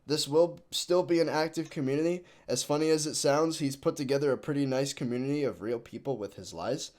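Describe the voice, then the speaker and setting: A man's voice: fairly high pitch, fairly quick, a little mellow. A young man hosting a voice chat, talking casually with frequent laughs and loose restarts.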